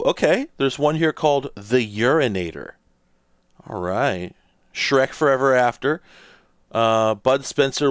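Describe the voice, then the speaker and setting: A man's voice: mid-range voice, smooth, no room sound, clean studio sound. A man hosting a casual let's-play, rambling and thinking aloud with lots of fillers as he plays. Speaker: host.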